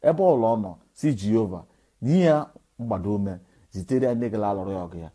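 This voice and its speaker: A man's voice: on the low side, animated, quick pace, mellow, breathy edge, poor audio. A man with a Nigerian Igbo accent, a native Igbo speaker, giving an impassioned appeal to his followers, preachy and full of rhetorical questions. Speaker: activist addressing followers. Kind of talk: impassioned direct-to-camera appeal.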